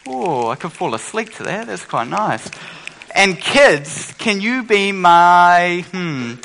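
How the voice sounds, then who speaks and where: A man with a high, bright, ringing voice runs a playful children's talk at church. He keeps the kids involved with games and cheers them on constantly. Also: expressive, vocal fry, poor audio. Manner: playful, encouraging, quick with praise. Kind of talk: lively kids' talk with audience games.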